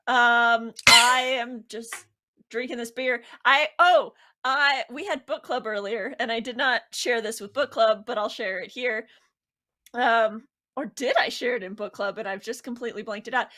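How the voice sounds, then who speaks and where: A woman's voice: fairly high pitch, moderate pace, sharp tone. A woman co-hosting a book podcast in casual, candid chat. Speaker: podcast co-host.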